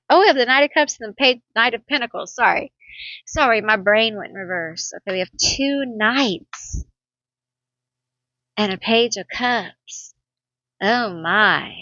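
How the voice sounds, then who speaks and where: A woman's voice: medium pitch, fairly bright tone, dry recording, lo-fi sound. A woman giving a pick-a-card tarot reading, blunt and sassy, laughing often. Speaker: tarot reader.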